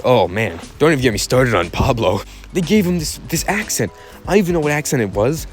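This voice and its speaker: A man hosting a casual opinion vlog, rambling and correcting himself as he talks in a laid-back way. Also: mid-range voice. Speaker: YouTube channel host.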